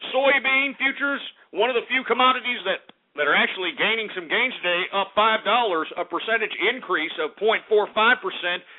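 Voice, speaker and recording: A man hosting a radio show, ranting about market prices in a crude, insulting, exasperated way and muttering irritated asides. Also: sits high. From Texas. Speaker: radio host. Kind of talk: abrasive comedic market rant. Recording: narrow phone-like radio audio.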